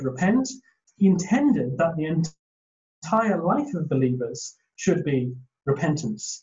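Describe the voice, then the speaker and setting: Guy preaching a sermon, kinda high voice, earnest and emphatic, dull lo-fi sound. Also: a little mellow.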